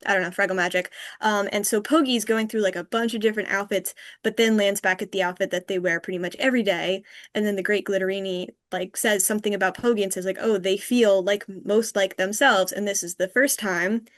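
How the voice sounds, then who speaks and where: A woman's voice: mid-range voice, steady tone, fairly quick, few pauses. A woman hosting a podcast, recapping an episode in casual chat, full of likes and ums. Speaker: podcast host.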